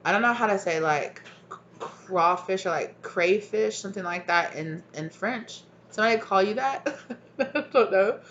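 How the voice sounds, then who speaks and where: A woman's voice: mid-range voice, moderate pace, fairly bright tone, muffled recording, slight background noise. A woman giving a casual tarot reading to her viewers, rambling and chatty, laughing often and calling them y'all. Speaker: tarot reader.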